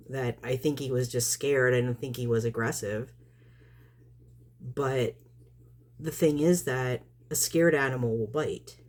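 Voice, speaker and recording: A woman vlogger feeding neighborhood cats, chatting to her viewers in a rambling way and laughing often. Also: rumbling low. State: just back in from outdoors. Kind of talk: casual chat to camera.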